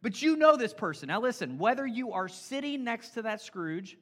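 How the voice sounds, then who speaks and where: A man preaching a casual, playful sermon as pastor, energetic and talking straight to his congregation. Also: very high-pitched, normal speed. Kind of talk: conversational sermon.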